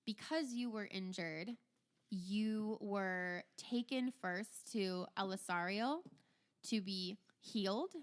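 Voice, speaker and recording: A woman's voice: medium pitch, slow pace, clean tone. A woman narrating a tabletop game as game master, casual with fillers.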